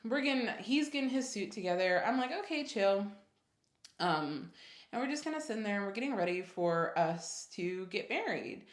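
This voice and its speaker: A woman in her twenties telling a personal story casually, jumping high in pitch for quoted reactions. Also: animated, normal speed, echoey room. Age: 20s. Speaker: vlogger.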